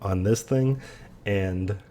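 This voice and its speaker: A man's voice: on the low side, takes it slowly, mellow. Rambling, cursing guy on a distant webcam mic. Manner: loose, profane and rambling. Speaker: vlogger reacting to a TV show. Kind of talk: casual vlog chat. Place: at home, late at night. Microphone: webcam microphone. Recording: echoey webcam mic from far off.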